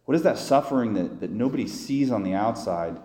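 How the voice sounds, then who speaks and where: Earnest priest preaching in an echoey church. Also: male voice, lowish voice, animated, a little fast, warm tone. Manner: earnest, conversational preaching with restarts and voiced inner prayers. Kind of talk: sermon.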